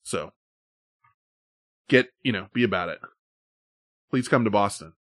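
A man's voice: fairly low pitch, expressive, measured pace, a bit bright, no room sound, clean studio sound. A man hosting a casual live stream, talking in a loose, rambling, profane way. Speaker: host.

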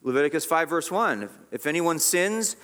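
A man's voice: a little high, big pitch swings, normal speed, fairly bright tone. A man preaching a sermon as pastor, earnest and emphatic, often repeating and restarting his words.

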